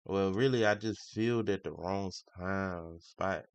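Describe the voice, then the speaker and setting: Deep-voiced man, slangy livestream chatter. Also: unhurried, clear, resonant tone, dry recording. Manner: slangy, grumbling, repeats himself. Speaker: day trader streaming live. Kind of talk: casual livestream commentary. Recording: dry, slightly muffled lo-fi audio.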